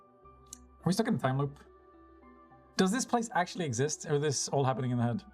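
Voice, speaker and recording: Young-adult game streamer, animated delivery, playful and profane, soft music underneath. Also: medium pitch. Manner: laughs often and swears casually; chatty, teasing and quick to react. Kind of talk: live gameplay chat, answering viewers.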